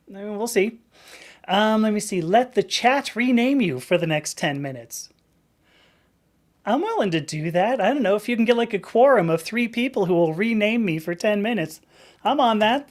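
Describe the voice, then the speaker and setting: A chatty woman in her fifties hosts a live stream in a loose, rambling way. She laughs often and keeps circling back to restart her thoughts. Her pitch sits in the middle range for a woman. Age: 50s. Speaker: livestream host. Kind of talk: casual live-stream chat.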